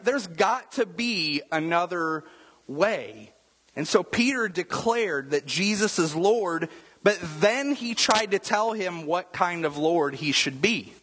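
A pastor with a slightly high, husky voice preaching in a relaxed, conversational way. He keeps tossing rhetorical questions at the congregation, and his words ring out through a long, echoing hall. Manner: casual, rhetorical asides with frequent "right?". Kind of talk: conversational sermon.

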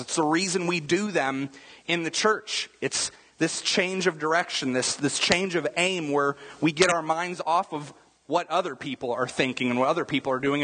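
A man's voice: medium pitch, fairly bright tone, breathy edge, big-room sound, rough recording. A man preaching a sermon, talking in a conversational way and often checking in with the listeners by asking "right?". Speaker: pastor.

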